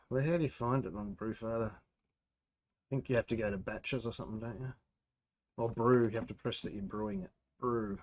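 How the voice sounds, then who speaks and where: An Australian man hosting a home brewing livestream, chatting casually, talking to himself and answering viewers while he works. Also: medium pitch. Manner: rambling, talks to himself and reads out chat. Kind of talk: casual live-stream chat while brewing. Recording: slightly dull lo-fi sound.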